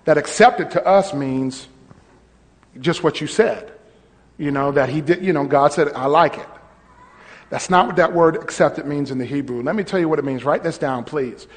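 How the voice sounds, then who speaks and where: A man pastor preaching a sermon, teaching a congregation and calling out to them, his voice rising to shouts. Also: a little high, moderate pace, in a large hall. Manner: call-and-response preaching, swelling to shouts.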